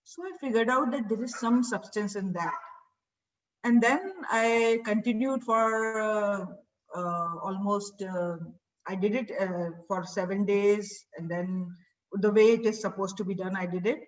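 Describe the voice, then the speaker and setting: A woman's voice: medium pitch, unhurried. Woman healer, chatty storyteller, distant lo-fi mic. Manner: chatty, frequent fillers and restarts. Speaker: healer and seed therapy teacher. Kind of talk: personal storytelling. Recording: distant, dull lo-fi sound.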